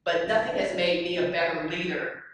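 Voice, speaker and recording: A woman's voice: lowish voice, moderate pace. A woman giving a motivational talk to a live audience, telling stories and asking the crowd questions. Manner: lively storyteller, asks the audience questions. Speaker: keynote speaker. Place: large hall. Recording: echoey hall from far off.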